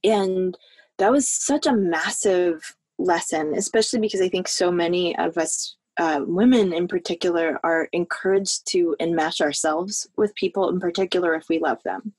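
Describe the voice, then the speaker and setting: Podcast guest, woman from the American South. Heartfelt, halting storytelling, dry close mic. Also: fairly low pitch, a little mellow, no room sound. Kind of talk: personal storytelling in a podcast interview.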